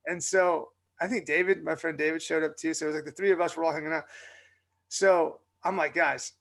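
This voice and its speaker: A man's voice: on the high side, fairly even intonation, fairly quick, gravelly, fairly bright tone. A young adult man, co-hosting a podcast and telling a long story in a chatty, filler-heavy way. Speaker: podcast co-host. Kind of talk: casual storytelling chat.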